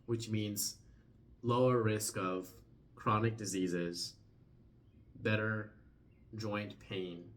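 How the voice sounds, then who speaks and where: A young man explaining a topic in a casual vlog, conversational, often trailing off softly at the end of phrases and restarting words. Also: on the low side, steady tone, extremely slow, pauses often. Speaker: vlogger.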